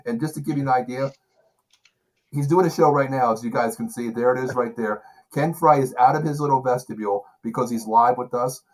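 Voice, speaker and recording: Man, husky voice, teasing co-host on a sports chat show, spins quick anecdotes. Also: mid-range voice, poor audio. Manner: loud joking storyteller. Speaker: podcast co-host.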